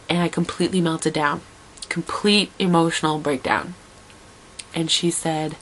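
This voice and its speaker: A young woman vlogging a personal story in a lowish voice. She tells it in a chatty, dramatic way with wry asides. A faint hum sits behind her. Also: steady tone, unhurried, fairly bright tone, poor audio. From Toronto, Canada. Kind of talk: casual storytelling monologue.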